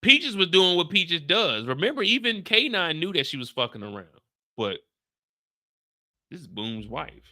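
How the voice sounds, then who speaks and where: A man hosting a live stream, recapping a TV episode in casual chat, animated and slangy and talking straight to his viewers. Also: on the high side, moderate pace, no echo, clean studio sound. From United States. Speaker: show host recapping a TV episode.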